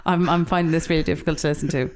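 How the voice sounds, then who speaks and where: A woman's voice: sits low, fairly even intonation, rapid-fire, slight background noise. A young adult woman co-hosting a podcast in casual chat, chatty and dry, with hesitant fillers.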